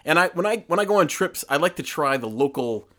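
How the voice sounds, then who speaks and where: A middle-aged man co-hosting a casual podcast conversation. His voice swoops widely, jumping into high excited tones whenever something surprises him. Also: fast. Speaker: podcast co-host. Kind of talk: casual chat.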